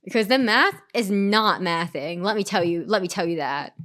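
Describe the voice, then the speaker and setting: A woman's voice: mid-range voice, moderate pace, a bit bright. A young adult woman streamer telling a story in casual chat, rambling with lots of "like" and restarts.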